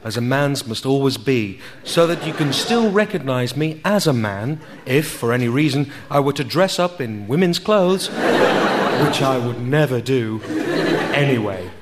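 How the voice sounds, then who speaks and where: A man's voice: medium pitch, animated, normal speed, background noise. A man giving a pompous, mock-educational scripted comic narration. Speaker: sketch performer. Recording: music bed behind.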